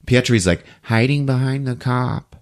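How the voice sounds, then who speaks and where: A man hosting a podcast, recapping a movie scene by scene, jumping into quick character voices and laughing often. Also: medium pitch. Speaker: podcast host.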